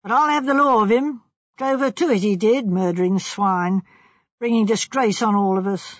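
A reader voicing a burly, shifty, middle-aged publican who is rough-spoken and indignant. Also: mid-range voice, moderate pace, no echo, highs cut off, close to an everyday voice. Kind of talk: audiobook character voice.

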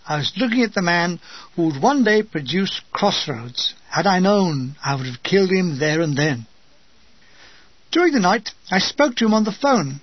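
A man reading a comic wartime memoir in a wry, deadpan way, in a dull, dry, lo-fi recording. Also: high voice, slightly rough. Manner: wry, deadpan humor with acted asides. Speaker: memoir narrator.

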